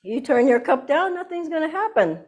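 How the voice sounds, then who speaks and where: An older woman giving an inspirational satsang talk as a spiritual teacher, telling anecdotes in a lively way and laughing often. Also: high voice, normal speed.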